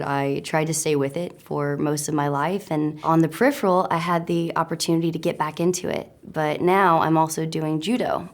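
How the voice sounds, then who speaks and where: A young American woman in a casual interview, chatty and self-mocking, laughing often, her voice slightly raspy. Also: deep voice. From United States. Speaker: actor answering web search questions.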